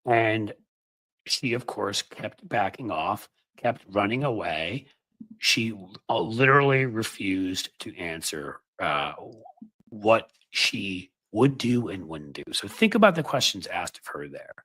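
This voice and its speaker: A man's voice: on the low side, sing-song, slow pace, fairly bright tone. A man hosting a livestream of political commentary, sarcastic and mocking.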